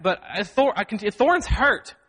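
High-voiced pastor preaching. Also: male voice, animated, measured pace, a bit bright. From Mississippi. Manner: earnest, self-deprecating, acts out quoted speech. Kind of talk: sermon. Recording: long hall reverb.

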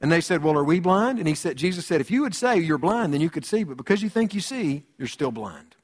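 A pastor preaching a sermon, repeating key phrases and swinging between loud high passages and low, quiet ones. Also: male voice, animated, fast talker. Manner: preaching with sweeping rises and drops in pitch and volume.

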